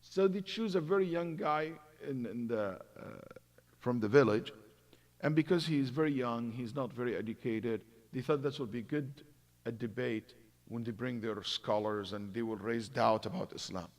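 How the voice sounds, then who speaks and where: A man giving a religious lecture, acting out stories and swinging between loud emphasis and hushed asides. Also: mid-range voice, normal speed. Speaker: imam giving a Quran commentary class. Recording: long hall reverb.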